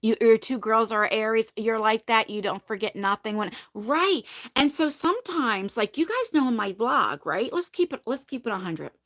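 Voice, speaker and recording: Chatty woman vlogger, bright and slightly high voice, emphatic, casual live talk. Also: lively intonation, normal speed, few pauses. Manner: chatty, emphatic, frequent "you know what I mean". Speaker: beauty vlogger. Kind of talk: casual chat to a live audience.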